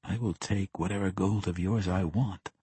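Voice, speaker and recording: A man voicing a cold, menacing assassin in a fantasy audiobook, speaking in a calm, measured, threatening way. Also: sits low, husky, no echo. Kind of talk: audiobook character voice.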